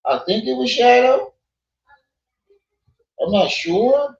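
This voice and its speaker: A man's voice: very high-pitched, animated, takes it slowly. A man hosting a livestream, blunt and scolding, repeating himself and thanking donors. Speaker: livestream host. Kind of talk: livestream commentary. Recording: echoey, dull lo-fi sound.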